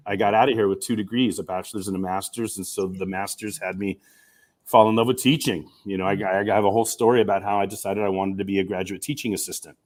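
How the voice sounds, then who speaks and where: Fast-talking earnest middle-aged man. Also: on the low side. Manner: earnest, emotional, animated retelling. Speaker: guest, communication professor and coach. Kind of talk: storytelling in an interview. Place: campus room.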